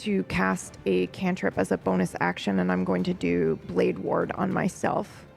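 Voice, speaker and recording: A woman with a low voice full of heavy vocal fry describes her character's spells in a tabletop game. She speaks thoughtfully and pauses to search for the right words. Faint music plays behind her. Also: monotone, darkish tone. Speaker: player.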